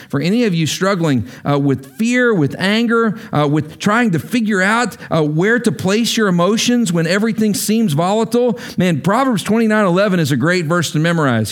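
A middle-aged man preaching a sermon as a pastor, earnest and emphatic, his delivery rising sharply when stirred. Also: on the high side.

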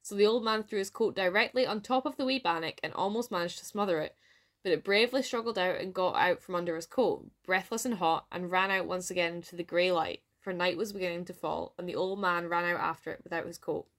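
A woman with a Scottish accent narrating a folk tale aloud in a lively storytelling manner. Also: lowish voice, fairly quick. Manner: lively read-aloud with voiced dialogue.

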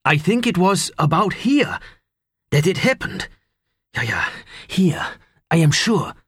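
A man reading an audiobook, voicing a middle-aged German man who speaks English with a German accent, halting and quiet with emotion. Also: high-pitched, sing-song, slightly rough, dry recording, studio quality, pitched above the performer's own voice, exaggerated voice. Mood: wistful. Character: older German man, wistful, soft-spoken.

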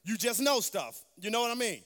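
A woman's voice: fairly high pitch, lively intonation, brisk, a bit bright. Brief: woman preacher, sermon delivery, emphatic call-and-response, reverberant hall.

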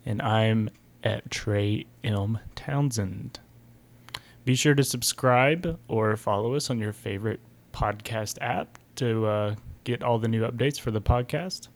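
A man's voice: lowish voice, measured pace. A young man, co-hosting a podcast in rambling, chatty talk full of "I was like". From East Tennessee. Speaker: podcast co-host. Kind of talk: casual chat.

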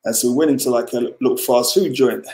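A man's voice: mid-range voice, fast, darkish tone. A man casually telling a long personal story as a podcast guest, rambling, with lots of fillers and restarts. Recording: roomy echo.

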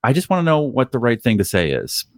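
A man co-hosting a casual chat, telling animated, profane stories and acting out quotes. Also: medium pitch, fast talker, dry recording, clean studio sound. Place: Los Angeles.

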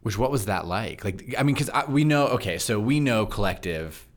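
Fast-talking man with a very deep voice. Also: lively intonation. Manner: fast-talking, chatty and laughing. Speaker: pastor and podcast host. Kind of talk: casual interview conversation.

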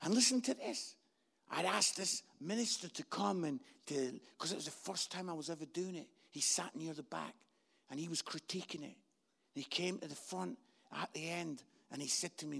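A man's voice: fairly high pitch, normal speed, gravelly, fairly bright tone, husky. A man, a pastor telling a comic story in a sermon.

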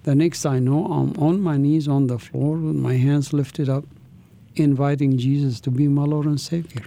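A man's voice: fairly high pitch, steady tone, normal speed, vocal fry, warm tone. A man, an interview guest, telling his life story with an intense, earnest manner.

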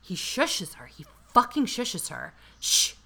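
Woman co-host, casual recap chat, bright edge, lower pitch, animated and profane. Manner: animated, swears freely, quick asides. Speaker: podcast co-host.

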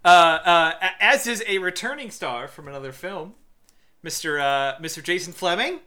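Guy cohosting a podcast, jokey, swears a lot, really bright sharp voice. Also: sits high, lively intonation, moderate pace. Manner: joking, swears freely. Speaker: podcast co-host. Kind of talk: casual chat.

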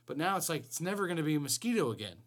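Animated, profane podcast co-host man. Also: on the high side, racing. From Georgia, US. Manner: animated, profane, playful jokey delivery. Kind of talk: casual crude podcast banter.

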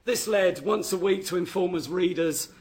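A man's voice: high voice, normal speed, a little mellow. A man giving an academic history lecture, reading from his notes and often restarting his phrases. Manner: reads from notes with frequent restarts.

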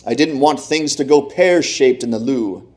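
A man telling an everyday story in a put-on English accent that doesn't quite land, as a preacher reads it aloud to his congregation. The voice sits at a plain middle pitch, and the reading is deliberate, leaning on each British slang word. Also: a little mellow, natural voice. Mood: storytelling. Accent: attempted English accent.

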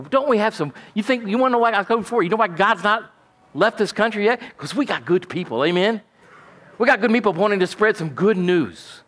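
A man's voice: sits high, fairly bright tone. A male pastor, preaching a folksy, emphatic sermon and asking "amen?" often.

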